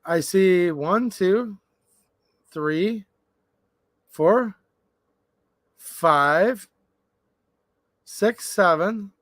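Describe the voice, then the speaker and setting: Male livestream host, high voice, dry close sound, animated chatty delivery. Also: very slow, long pauses, dry recording. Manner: animated, chatty, reads viewer comments aloud. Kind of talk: casual livestream chat.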